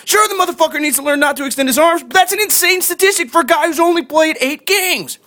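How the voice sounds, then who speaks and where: A man's voice: very high voice, quick pace, bright, forceful tone. A man delivering a scripted comedic sports rant, profane, sarcastic and exasperated. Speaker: sports fan ranter.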